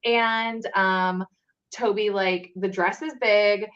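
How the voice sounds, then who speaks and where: A woman's voice: mid-range voice, takes it slowly, clear, resonant tone, highs cut off. A woman in a casual chat, telling a story with lots of laughter and filler words. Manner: animated, laughing, many "like" fillers. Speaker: guest cosplayer.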